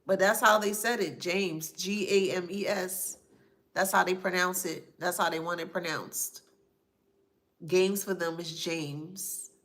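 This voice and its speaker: A woman with a bright, gravelly voice gives a channeled psychic reading to camera. She lists names one after another and spells some of them out slowly, letter by letter. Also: fairly low pitch, fairly even intonation. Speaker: psychic reader.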